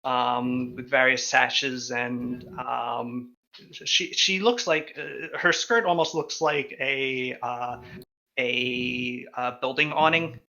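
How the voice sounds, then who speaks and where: A young man narrating a tabletop game as game master, describing scenes slowly with frequent ums and uhs. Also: medium pitch, fairly even intonation, creaky, pushed and bright, muffled recording.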